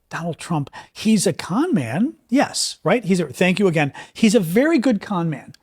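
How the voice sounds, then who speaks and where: A man reading headlines on a livestream and commenting on them in a sarcastic, exasperated way, with many fillers and restarts. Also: on the high side.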